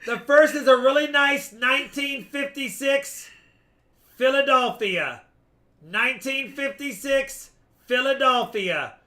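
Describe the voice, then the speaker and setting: A man hosting a live-stream coin auction, explaining each lot at length with quick asides. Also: very high-pitched, sharp tone. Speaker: coin seller and stream host.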